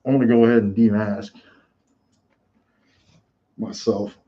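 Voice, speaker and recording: A man's voice: on the low side, fairly even intonation, unhurried, dull audio, slight background noise. A man hosting a live combat sports reaction stream, talking in a casual, rambling way with lots of fillers. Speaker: host.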